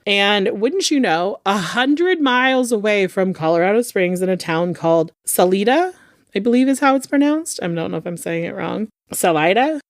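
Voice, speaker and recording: A woman's voice: medium pitch, animated, moderate pace, few pauses, no room sound, clean studio sound. A woman hosting a podcast, casually recapping a true-crime case, chatty and profane, full of filler words. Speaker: podcast host.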